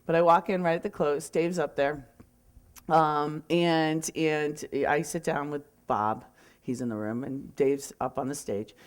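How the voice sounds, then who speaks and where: A woman who speaks for a living tells a story in a loose, rambling style, doubling back and correcting herself as she goes. Her voice sits a little low for a woman. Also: steady tone, measured pace. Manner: chatty, rambling, self-correcting with many fillers. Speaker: real estate speaker. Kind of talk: casual storytelling.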